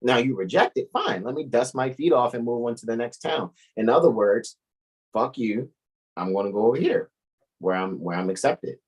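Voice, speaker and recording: A man's voice: mid-range voice, expressive, moderate pace, slightly rough, rough recording. A man co-hosting a casual podcast chat, blunt and profane with a preachy edge. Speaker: co-host.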